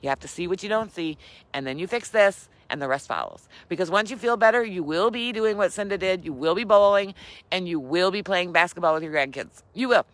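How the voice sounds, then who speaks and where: A woman's voice: on the low side, animated, fairly quick, dry recording. An older woman and grandmother hosting a casual motivational live stream, repeating her key lines for emphasis and laughing often. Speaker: keto vlogger and host.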